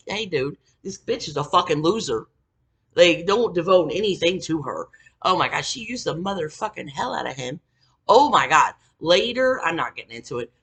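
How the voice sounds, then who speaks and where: A woman's voice: medium pitch, fairly bright tone, husky. A woman telling an angry storytime rant about an old job, swearing heavily and venting. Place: Tennessee.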